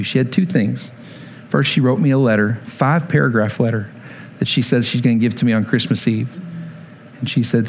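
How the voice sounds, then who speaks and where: A man in his forties, a pastor preaching a sermon, telling a personal story with animated quoted lines and dropping soft for reflection. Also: medium pitch, measured pace, vocal fry, long pauses, slight background noise.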